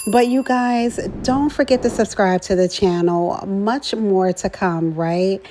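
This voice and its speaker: A chatty middle-aged woman narrates a travel vlog at an unhurried pace, in a voice of ordinary pitch. She sounds affectionate and keeps tagging her sentences with "right?". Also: a little hiss or hum. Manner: warm and emotional about her daughter. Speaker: vlogger, mother.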